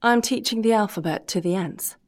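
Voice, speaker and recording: A woman's voice: mid-range voice, fairly quick, lightly acted. A stubborn old carpenter who snaps back in short, dry replies, voiced by a woman reading the story. His lines come clipped and a little sarcastic, a plain storybook figure. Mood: wry.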